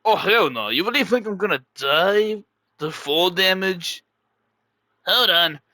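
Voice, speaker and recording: Man putting on a sarcastic callous contestant, bright and raised voice, dry sound. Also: high voice, lively intonation, unhurried, no echo, pitched above the performer's own voice, heavily acted. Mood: mocking. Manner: mocking, sarcastic.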